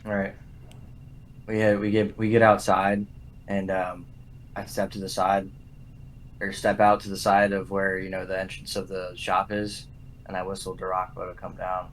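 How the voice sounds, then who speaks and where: A man's voice: sits low, completely flat delivery, normal speed, pauses often, a little hiss or hum, rough recording. A man playing a tabletop game, narrating his actions plainly and steadily. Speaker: player.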